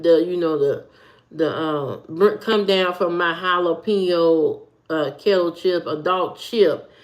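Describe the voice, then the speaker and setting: Low-voiced woman chatting on a live stream. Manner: rambling, loose and talkative, with frequent fillers and repeats. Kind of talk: casual live-stream chat, reading viewer comments. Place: at home, indoors.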